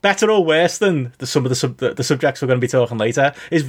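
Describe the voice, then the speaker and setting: A British man of middling pitch, hosting a relaxed podcast. His voice moves a lot in pitch, and he is wry and laughs often between points. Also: fast, slightly rough. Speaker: podcast host. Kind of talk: casual chat.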